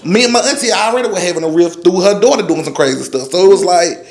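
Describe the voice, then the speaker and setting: A man's voice: high-pitched, fast talker. A man in his forties talking in a loose, rambling way in a casual roundtable chat, often saying "you know what I'm saying". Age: 40s. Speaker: roundtable guest. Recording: echoey room.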